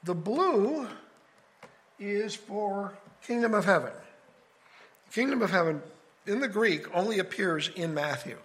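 A man with a fairly high voice gives a relaxed Bible study lecture. He talks in a conversational way and lays out his reasoning one step at a time. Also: measured pace, long pauses. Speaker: Bible teacher. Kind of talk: casual scripture study lecture.

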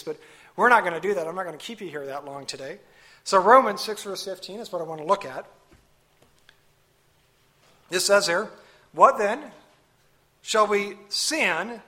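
A male pastor delivers a sermon in a bright, forceful, somewhat high voice. He preaches emphatically, pressing points with rhetorical questions and leaning hard on key words.

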